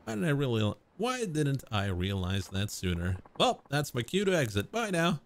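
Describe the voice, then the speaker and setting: A man's voice: mid-range voice, wildly swooping pitch, normal speed. A man voicing a blunt, sarcastic tough guy. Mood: exasperated. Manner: blunt and sarcastic, casual slang. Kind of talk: reading game dialogue aloud with voices.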